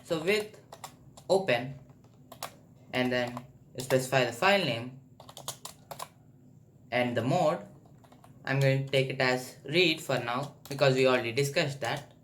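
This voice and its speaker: A man walks through a coding tutorial at an unhurried, deliberate pace, explaining each step as he goes. His voice sits at an ordinary pitch, with faint noise and keyboard typing behind it. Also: fairly bright tone. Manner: patient step-by-step explaining, thinking aloud. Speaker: programming tutor. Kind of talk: screen-recorded coding tutorial.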